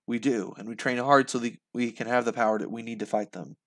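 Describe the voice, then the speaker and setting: A man reading a novel aloud and voicing a calm adult monster hunter who reassures a boy. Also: mid-range voice, quick pace, close to an everyday voice.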